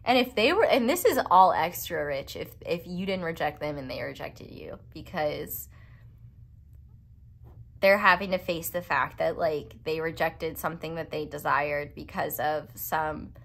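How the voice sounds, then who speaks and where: Rambling woman tarot reader with a lower voice, casual and self-mocking, talking straight to her viewers. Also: unhurried, creaky. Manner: chatty and rambling, full of "like" fillers; playful, self-mocking asides. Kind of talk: casual pick-a-card tarot reading.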